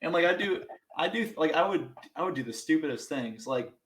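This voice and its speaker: A young man, a podcast guest, telling casual stories in an animated, self-mocking way and laughing through them. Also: fairly high pitch, a little fast, roomy sound, rough recording. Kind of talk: casual storytelling.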